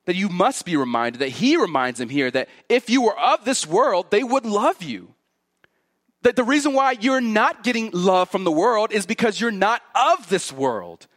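A man preaching a sermon in a fairly high voice that swings widely in pitch. He stacks repeated phrases into building runs, then sinks low and hushed on his warnings. The delivery is earnest throughout. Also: big pitch swings, moderate pace. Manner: drops low and quiet on key warnings. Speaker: pastor. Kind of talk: expository sermon.

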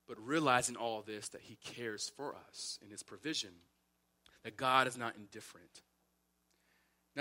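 A man's voice: medium pitch, sharp tone. A man preaching a sermon as pastor, repeating phrases and building to impassioned emphasis.

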